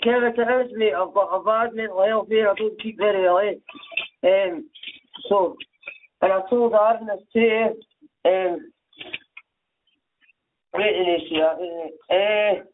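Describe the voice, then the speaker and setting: A man doing a frantic, shrill Scottish woman caller. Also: steady tone, a little slow, pauses often, slight background noise. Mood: rambling. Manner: rambling, flustered, swears a lot. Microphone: phone. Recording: tinny phone line.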